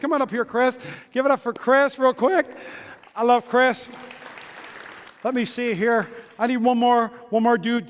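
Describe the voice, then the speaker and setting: A man preaching a lively sermon, joking with volunteers onstage in quick bursts. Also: very high voice, smooth. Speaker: pastor. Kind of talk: lively sermon with stage demonstration. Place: church auditorium. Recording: long reverb of a church hall.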